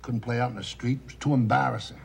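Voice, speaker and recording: An actor playing a loud, wisecracking, self-pitying middle-aged talent agent in a 1970s television drama. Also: male voice, mid-range voice, fairly even intonation, fast, creaky, a little hiss or hum. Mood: bitter. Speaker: theatrical agent.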